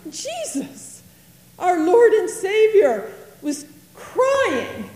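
A grieving biblical sister, earnest and emotional, played by a woman in a first-person stage monologue. Her high voice moves slowly. The sound is roomy, with a long hall reverb. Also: big pitch swings, a little mellow, heavily acted. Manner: earnest and emotional, dwelling on words. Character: grieving woman, sister of Lazarus, fond of tidiness.

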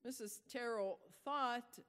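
A woman preaching a sermon, praying and telling a story in a gentle, prayerful way. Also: fairly high pitch, slow pace, smooth. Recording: echoey hall.

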